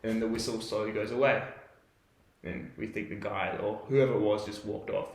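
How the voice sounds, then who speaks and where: A man's voice: on the low side, fairly even intonation, normal speed. A young Australian man telling a camping story in a rambling, laid-back way, full of "like" fillers, as a podcast co-host. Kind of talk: casual storytelling. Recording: roomy echo.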